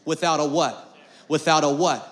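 A male pastor preaching a call-and-response sermon at an outdoor patio service, swinging between shouts and hushed lines. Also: on the high side, moderate pace.

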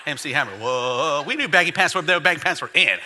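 Lively joking man preaching. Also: a little high, fast talker, slight background noise. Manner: animated, joking, calls for crowd response. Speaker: pastor. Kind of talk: sermon.

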